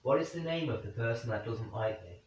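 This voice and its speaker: Brisk and animated, a man with a mid-range voice thinks aloud while investigating the paranormal in a room at night, putting questions to spirits. Faint hiss or hum accompanies a very echoey, distant, dull lo-fi recording.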